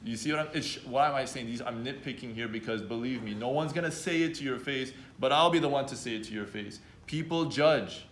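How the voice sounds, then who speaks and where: Animated male speaking coach in echoey room. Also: mid-range voice, a little fast, hardly any pauses, slight background noise. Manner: direct, animated, acts out hesitant speakers. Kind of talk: live workshop talk to students. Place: event room with students. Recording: echoey room with faint background ambience.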